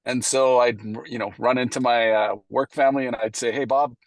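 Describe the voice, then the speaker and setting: A man's voice: mid-range voice, fairly even intonation, fairly quick, dry recording. Chatty man telling a story. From Canada. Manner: anecdotal, acts out past dialogue, frequent fillers. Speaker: presenter at a committee meeting. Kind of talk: casual storytelling presentation.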